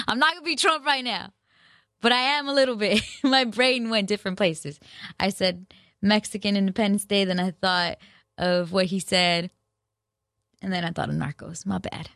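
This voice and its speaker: A woman's voice: mid-range voice, normal speed, fairly bright tone, dry recording, clean studio sound. A young woman chatting casually to her viewers, rambling and self-mocking, full of slang and restarts. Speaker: vlogger. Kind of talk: casual chat to camera.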